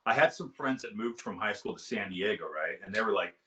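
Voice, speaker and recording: A man in his fifties telling a wild story in casual chat on a video call, animated and excitable. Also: on the low side, brisk. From California. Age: 50s. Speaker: guest musician.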